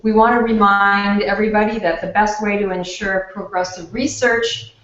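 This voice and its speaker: A woman's voice: mid-range voice, little pitch movement, normal speed, a bit bright. Woman hosting in an echoey room. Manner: chatty, with frequent fillers. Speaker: event host. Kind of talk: casual hosting of an online talk. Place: community hub classroom. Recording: echoey room, dull lo-fi sound.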